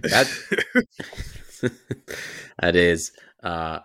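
A man's voice: low voice, drawn-out words, bright, forceful tone, smooth. A man co-hosting a basketball podcast in casual chat, laid-back with wry asides. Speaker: podcast co-host.

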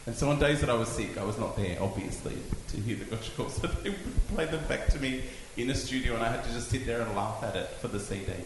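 A man in his forties, a guest on a podcast, chatting casually with bursts of loud laughter. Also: medium pitch, fast talker, few pauses. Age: 40s. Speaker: guest, former radio presenter. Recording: echoey with noise behind.

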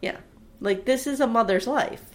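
A woman casually co-hosting a podcast, recapping a TV episode with animated storytelling and acted-out quotes. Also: fairly high pitch, moderate pace. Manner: animated storytelling, acts out quotes, laughs often. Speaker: podcast co-host recapping a TV show. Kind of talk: casual chat.

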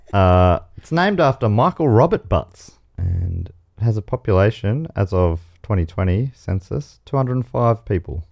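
Lively Australian man hosting a comedy podcast. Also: lowish voice, gravelly, no room sound. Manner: joking, quick to laugh, reads aloud. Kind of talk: casual comedic banter.

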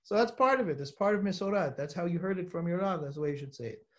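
A man with a high-pitched voice gives a live Torah class in a study hall. He reads Hebrew passages aloud, then explains them in plain talk. He stops now and then to put questions to his students. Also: animated, fast talker. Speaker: rabbi teaching a class.

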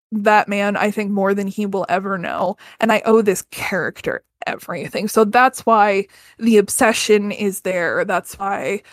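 A woman in her thirties speaks at a middle pitch, earnest and candid, swearing freely and often starting a sentence over. The sound is close and dry, with no room around it. She talks casually, as a podcast guest. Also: dry recording. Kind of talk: casual personal storytelling.

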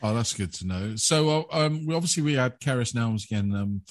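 A man's voice: mid-range voice, animated, brisk, a little hiss or hum. A man co-hosting a casual chat, hesitant and filling gaps with ums. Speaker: podcast co-host.

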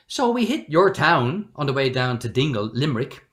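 A middle-aged Irish man telling stories in a relaxed interview, animated and given to acting out the people he quotes. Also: a little high, moderate pace. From Ireland. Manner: animated, acts out quoted voices. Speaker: guest. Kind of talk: conversational storytelling.

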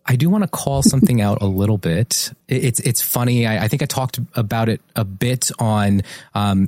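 A man from New Jersey co-hosting a podcast interview, thoughtful and measured, pausing to find his words. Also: fairly low pitch, a little mellow, no room sound, studio quality. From New Jersey, USA. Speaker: podcast co-host.

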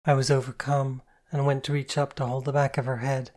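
A reader giving a soft-spoken, even, first-person narration of a novel. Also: medium pitch, a little fast. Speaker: audiobook reader.

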